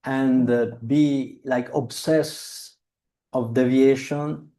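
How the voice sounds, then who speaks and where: Slow, halting man on a video call. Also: medium pitch, steady tone, warm tone. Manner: halting, searching for words, many restarts. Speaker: speaker on a devotional video call. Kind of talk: slow reflective talk.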